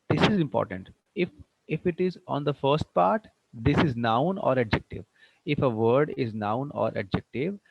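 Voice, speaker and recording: Man, Indian English accent, online lecture, repeats each point, creaky voice, dry dull sound. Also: medium pitch, no room sound. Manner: explains slowly and repeats words, switching into Hindi at times. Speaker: English teacher. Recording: dull muffled online-class audio.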